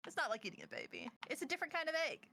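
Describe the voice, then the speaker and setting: A woman's voice: sits high, huge pitch swings, very fast, vocal fry, sharp tone, slight background noise. A woman in casual tabletop role-play, dry and aloof in character. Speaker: player.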